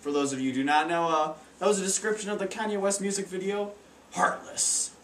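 A man's voice: sits high, fairly even intonation, a little fast, slight background noise. A teenage boy doing an amateur stand-up routine, stumbling and awkward with many fillers. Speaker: stand-up comedian. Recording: echoey room, taped from far off.

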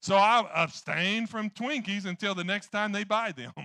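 A man's voice: high voice, normal speed, bright, forceful tone, dry recording. A man preaching a sermon in church, rambling and joking at his own expense. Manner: rambling, joking, self-deprecating.

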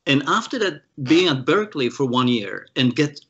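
A man from the Czech Republic, a guest guitarist, telling animated stories in an interview and acting out the voices of the people he quotes, with many restarts. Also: mid-range voice, normal speed, breathy edge, muffled recording. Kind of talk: storytelling in an interview.

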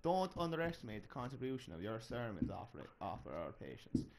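Brief: Irish male gamer, mid pitch, halting read-aloud, light background hiss. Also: big pitch swings. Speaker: gamer reading an in-game note aloud. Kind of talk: casual game commentary.

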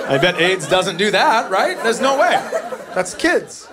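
Stand-up comic, middle-aged man, brash and profane, slightly high voice, club crowd roaring. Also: big pitch swings, brisk. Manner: brash, profane, mock-exasperated. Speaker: stand-up comedian. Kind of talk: stand-up comedy set. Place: comedy club stage. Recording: live club recording with crowd laughter. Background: audience laughter.

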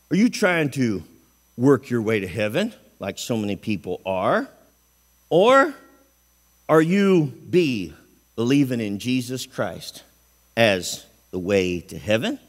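A man preaching a folksy, emphatic sermon in a church, asking the congregation questions. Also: medium pitch.

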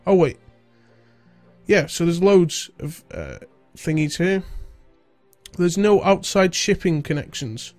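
A young man hosts a casual gaming let's-play, his voice thick and stuffy from a cold. He chats and rambles easily, sitting on the higher side of the usual male range. The sound is dry and close, with faint music playing underneath. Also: expressive, takes it slowly, a little mellow, dry recording. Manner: chatty, rambling, British-sounding slang. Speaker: gaming video host.

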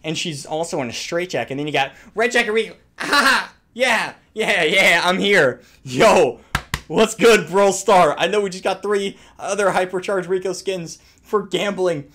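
A young man streaming a reaction to a game trailer, loud and swearing with hyped outbursts. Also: high-pitched, normal speed. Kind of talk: excited reaction commentary.

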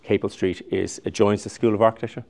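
A gravelly, fairly low-voiced man in his sixties gives a public lecture. He talks in a chatty, digressive way, circling back and restarting phrases as he goes. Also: level tone, fast talker, darkish tone. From Ireland. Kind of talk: recorded public lecture with slides.

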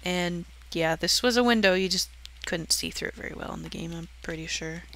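A young woman chats her way through a game build, giggling and poking fun at herself as she goes. Her voice is bright and a little tense, with a gravelly fry that creeps in at the ends of her phrases. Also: lowish voice, brisk. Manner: giggly, self-deprecating, chatty. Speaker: channel host touring her build. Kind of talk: casual game walkthrough commentary.

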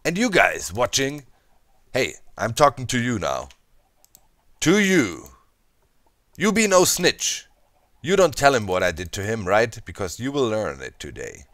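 A man with a German accent hosting a gaming video, talking to viewers in an animated, playfully scheming way. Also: mid-range voice, a little slow, long pauses, dry recording, clean studio sound. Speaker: Minecraft let's play host. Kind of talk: gaming commentary.

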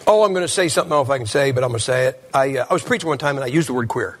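A man's voice: mid-range voice, very fast. A man preaching a humorous sermon at a church service, telling stories in a blunt, joking way.

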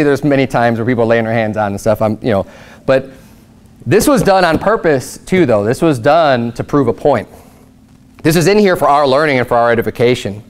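A male pastor giving a sermon in a conversational, animated storytelling way. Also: mid-range voice.

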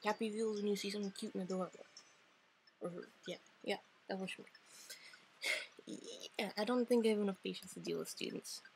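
A woman's voice: mid-range voice, steady tone, normal speed, creaky, long pauses, slight background noise, poor audio. A woman playing a visual novel, reading its lines aloud and chatting about them in a rambling, playful way. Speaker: let's play narrator.

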